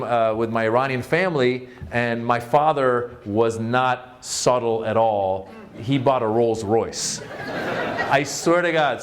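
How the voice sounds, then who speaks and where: A man from Northern California giving a humorous storytelling talk, chatty and self-mocking, often stopping to restart with fillers. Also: medium pitch. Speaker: author and comedian giving a talk.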